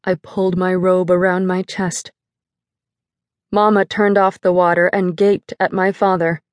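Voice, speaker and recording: A woman narrating a first-person audiobook in a measured, dramatic storytelling manner, close to a studio mic. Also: on the low side, flat delivery, no room sound.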